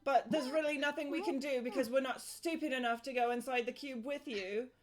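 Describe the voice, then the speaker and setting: A woman's voice: high voice, fairly even intonation, a little fast, a crowd in the background. A woman playing a tabletop game, teasing and exasperated, often laughing. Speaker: player. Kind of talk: casual play banter.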